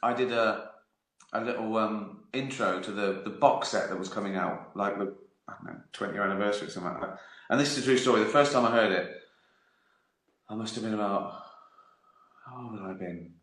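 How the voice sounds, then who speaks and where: Speaking briskly in a lowish, fairly bright voice broken by long pauses, a man in his fifties tells rambling stories on his own live stream. He laughs often and curses freely in this relaxed chat, captured with an echoey, roomy sound.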